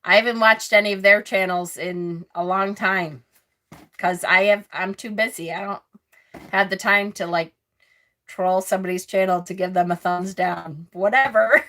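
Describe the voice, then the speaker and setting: A woman's voice: medium pitch, steady tone, moderate pace, sharp tone. A woman hosting a casual tarot live stream, chatty and snarky, laughing often. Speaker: tarot channel host.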